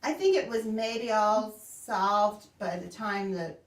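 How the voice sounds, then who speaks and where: A woman's voice: mid-range voice, takes it slowly. A middle-aged woman co-hosting a casual stream chat, laughing often and trailing off mid-thought. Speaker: co-host. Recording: roomy echo, distant from the mic.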